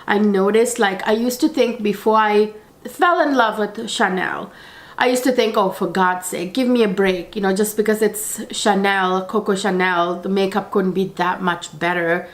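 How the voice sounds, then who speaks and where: A middle-aged woman, hoarse from a cold and husky-voiced, chatting casually to her viewers as a beauty vlogger, rambling with lots of fillers. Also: mid-range voice, steady tone, moderate pace. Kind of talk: casual chat to camera.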